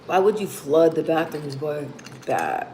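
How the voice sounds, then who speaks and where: A woman chatting casually with viewers, telling stories in a slangy, animated way. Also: sits low, unhurried. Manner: animated, slangy storytelling with acted-out quotes. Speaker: streamer answering viewer questions. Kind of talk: casual chat. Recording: roomy echo, faint background hum.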